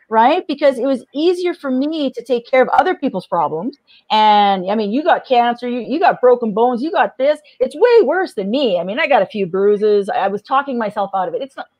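Higher-voiced woman telling her story frankly. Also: lively intonation, normal speed, darkish tone, no room sound, highs cut off. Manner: frank, restarts and repeats words, laughs between heavy memories. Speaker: interview guest. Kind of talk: personal story told in conversation.

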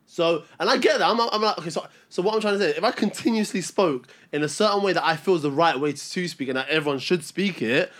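A man's voice: fairly high pitch, expressive, quick pace, hardly any pauses, fairly bright tone. A young man from Kosovo, co-hosting a podcast and joking in slang while he argues. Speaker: podcast co-host. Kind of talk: casual debate chat.

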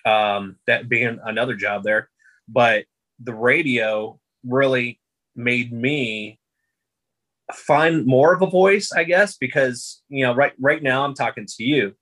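A man who works as a public address announcer, chatting in an interview and telling stories in a loose, animated way. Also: medium pitch, measured pace, poor audio. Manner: storytelling, animated impressions of announcers. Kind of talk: casual interview talk.

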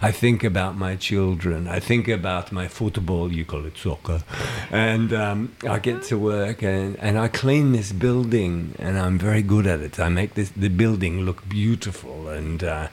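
A man voicing a cheerful, contented male cleaner from Argentina, with a halting, put-on Argentine Spanish accent. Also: darkish tone. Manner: higher, halting attempt at an accent.

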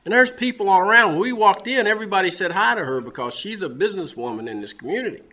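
A man's voice: high-pitched, animated, fast, pushed and bright. A man preaching a sermon, telling a personal story in a folksy, storytelling way, often repeating his words as he goes. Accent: Southern American.

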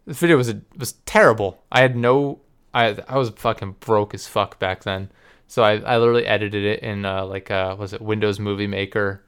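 A man's voice: on the low side, a little fast, fairly bright tone, clean tone. A young man co-hosting a podcast, telling rambling, profane, self-deprecating stories in casual chat. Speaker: podcast co-host and video editor.

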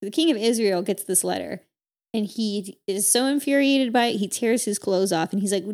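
A woman co-hosting a podcast, casually retelling a story with lots of "like" and quick character voices. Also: mid-range voice, a little mellow. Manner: chatty, peppered with "like", voices characters in quotes. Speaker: podcast co-host.

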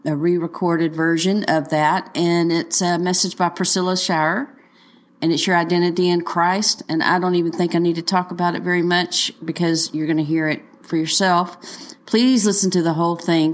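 A woman's voice: lowish voice, steady tone, normal speed. A woman hosting a faith podcast, casually and enthusiastically introducing the episode. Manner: upbeat and enthusiastic, with fillers. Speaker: podcast host. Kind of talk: casual chat.

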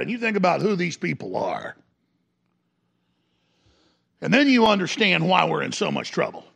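A male talk radio host in an impassioned broadcast monologue. He rants with force, swinging between shouts and low growls. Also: vocal fry, slightly rough.

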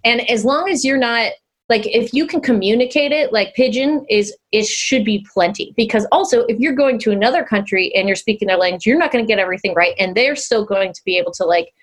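A woman co-hosting a podcast, chatting casually in an animated, rambling way, laughing often and swearing now and then. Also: a little high, a little fast. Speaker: podcast co-host. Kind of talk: casual chat.

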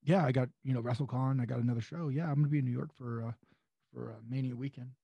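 Gravelly, profane man telling stories. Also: mid-range voice, fast, dry recording, lo-fi sound. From California. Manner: profane, rambling, animated anecdotes. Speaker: wrestling guest. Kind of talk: casual podcast storytelling.

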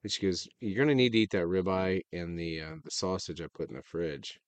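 A man, hosting a casual chat and telling a profane, animated story with acted-out quotes. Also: low voice, brisk, smooth, no room sound. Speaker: podcast host.

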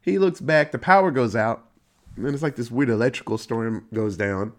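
Man, casual movie recap, profane, animated storytelling, sudden pitch jumps, middle pitch. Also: moderate pace. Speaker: movie reviewer.

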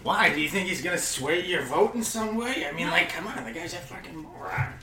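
A man's voice: sits high, brisk, echoey room, recorded from a distance, crowd noise. A Canadian man improvising in a comedy podcast, making sarcastic, crude asides. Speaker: co-host.

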